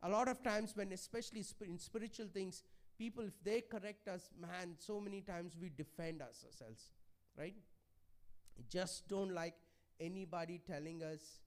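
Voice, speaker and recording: A man's voice: high-pitched, normal speed. A man preaching a sermon in a church, pleading and conversational, often checking in with the congregation. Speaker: pastor.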